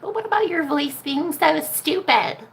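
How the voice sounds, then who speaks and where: A woman voicing an insecure, jealous young woman in a whiny, high mocking tone. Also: normal speed, vocal fry, a little hiss or hum.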